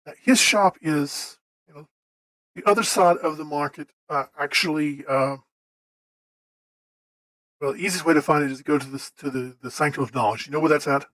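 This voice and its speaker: A man's voice: on the high side, moderate pace, long pauses, a bit bright, no echo, close to an everyday voice, low-quality recording. A man voicing a chatty, helpful male shopkeeper who rambles and hesitates with many fillers.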